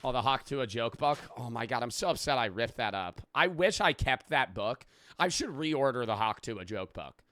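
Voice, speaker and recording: A man's voice: medium pitch, expressive, moderate pace, bright, forceful tone, no room sound. A young adult man chatting casually on a live stream, rambling and joking, swearing freely and thanking viewers for subs.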